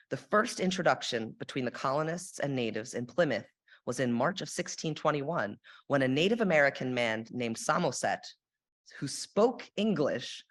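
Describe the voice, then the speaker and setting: A young woman delivers a sermon from a church sanctuary. Her delivery is reflective and measured, with an occasional dry, sarcastic aside. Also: deep voice. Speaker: lay sermon speaker.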